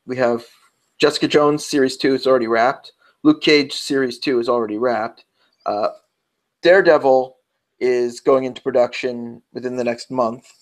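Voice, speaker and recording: A man with a New York accent co-hosting a casual podcast, talking in a chatty, rambling way and often restarting his sentences. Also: medium pitch. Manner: chatty, rambling, self-interrupting. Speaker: podcast co-host. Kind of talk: casual round-table chat.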